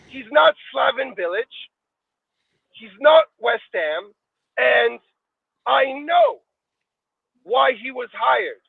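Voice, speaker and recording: An angry, swearing man calls in to a fan show, his voice pitched very high with a gravelly edge. He comes through a narrow, tinny line that sounds dry, with no room around him. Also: no echo. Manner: angry, swearing, fast-talking. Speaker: guest fan. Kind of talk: heated fan call-in chat.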